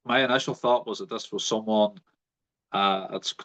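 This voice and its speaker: A man's voice: on the low side, moderate pace. A man, hosting a podcast and telling a story in casual chat, acting out the people he quotes. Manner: animated storyteller, acts out quoted voices. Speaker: podcast host. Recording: dull lo-fi audio.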